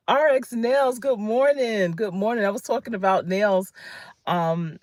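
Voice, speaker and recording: Taking it slowly, a woman in her fifties speaks at medium pitch with a darkish tone, captured in clean studio sound without room echo. As a career coach on a livestream, she gives an emphatic, conversational motivational talk and welcomes viewers by name.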